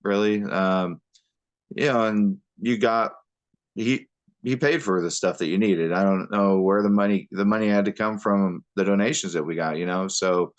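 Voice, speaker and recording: A man with a low-pitched voice, telling his story as a podcast guest. He speaks haltingly, with pauses and restarts. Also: fairly even intonation, muffled recording. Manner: halting, many fillers and restarts. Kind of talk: personal storytelling.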